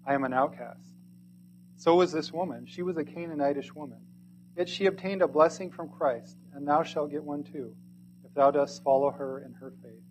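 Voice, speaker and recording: A man reading a sermon aloud in archaic English, earnest and pleading, swinging from loud to hushed. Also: fairly high pitch, fairly even intonation, normal speed, slight background noise, poor audio.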